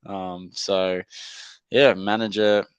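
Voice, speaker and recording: A man's voice: low-pitched, little pitch movement, slow pace, smooth, no room sound, highs cut off. A young man, a rugby league player telling stories in a casual podcast interview, chatty and easygoing with lots of fillers. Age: young adult. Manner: laid-back, chatty, lots of fillers and mates' slang.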